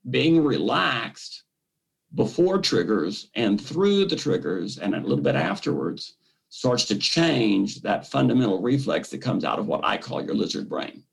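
Gravelly-voiced man explaining therapy. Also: medium pitch, unhurried, poor audio. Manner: animated, acts out the brain's voice in quotes. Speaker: misophonia therapist, guest. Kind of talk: explanatory interview talk.

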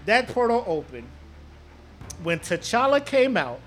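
A man in his thirties co-hosting a casual podcast, telling stories with loud, excitable outbursts and heavy profanity. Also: very high voice, slow. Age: 30s. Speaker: podcast co-host.

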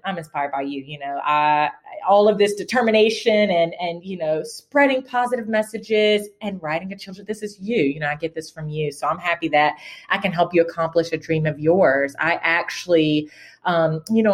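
A middle-aged woman, a first-time children's book author, chatting in an interview, animated, laughing often and repeating words as she starts. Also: lowish voice. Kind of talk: casual interview talk.

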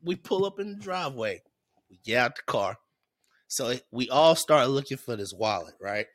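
A man's voice: medium pitch, expressive, moderate pace, fairly bright tone. A man telling a funny story in a casual podcast chat, acting out quotes and laughing often. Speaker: podcast co-host.

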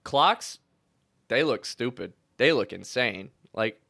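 A young man chatting casually and telling wild stories with loose slang. His voice is bright and forceful, and he jumps into louder, higher bursts when he acts out what he said. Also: takes it slowly, creaky. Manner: animated storyteller, slangy, acts out quotes loudly. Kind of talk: casual chat.

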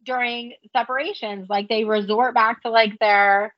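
A woman in her thirties hosting a casual chat, telling animated stories with swearing and frequent laughter. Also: a little high, normal speed, no echo, highs cut off. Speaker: podcast host.

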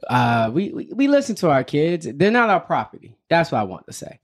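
Animated man in casual podcast chat. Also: fairly quick. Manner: animated, laughs often, mimics his daughter in high voice. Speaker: podcast co-host.

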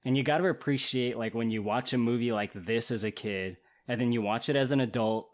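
A man's voice: mid-range voice, brisk. A man co-hosting a casual movie podcast, talking loosely with many fillers and casual swearing. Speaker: podcast co-host.

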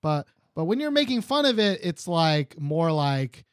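A man hosting a podcast in casual chat, telling stories in an animated, rambling way with fillers. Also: sits high, normal speed, hardly any pauses, no echo, studio quality.

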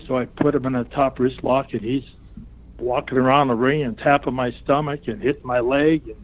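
An older man, a retired pro wrestler, telling a long anecdote in an interview and acting out what other people said in a raised voice. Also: mid-range voice. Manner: animated storyteller who acts out other people's lines in raised voices. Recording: tinny phone-line sound.

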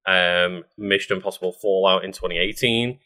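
A man co-hosting a casual podcast chat, reading out film facts with frequent ums and pauses. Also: low-pitched, fairly even intonation, bright, forceful tone. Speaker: podcast co-host.

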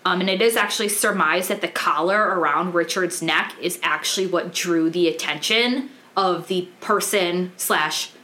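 A woman's voice: lowish voice, normal speed, few pauses, pushed and bright. A woman hosting a true crime podcast, telling the case in a candid, casual way with many ums. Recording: roomy echoey room.

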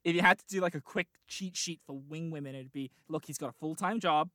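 A woman's voice: low voice, fast talker, a bit bright, dry recording. A woman, co-hosting a casual chat in a dry, self-mocking way. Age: 20s. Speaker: podcast co-host.

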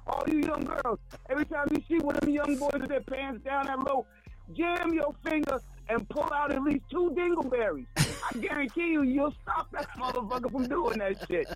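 High-voiced man ranting loudly over phone. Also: moderate pace. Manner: loud, stammering, cursing rant. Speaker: radio show co-host calling in. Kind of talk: profane comic rant. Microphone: phone call. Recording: phone line with music behind.

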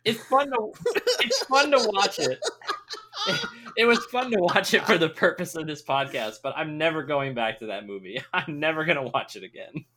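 A man's voice: fairly high pitch, lively intonation, normal speed, bright, forceful tone, a little hiss or hum. A man co-hosting a casual movie review podcast, exasperated and mocking, often laughing. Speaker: podcast co-host.

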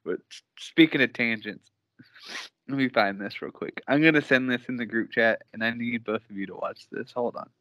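A man's voice: medium pitch, moderate pace, no room sound, highs cut off. A man with a mid-range voice, recorded dry and close. He co-hosts a podcast and keeps up teasing banter. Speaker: podcast co-host. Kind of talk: casual podcast chat.

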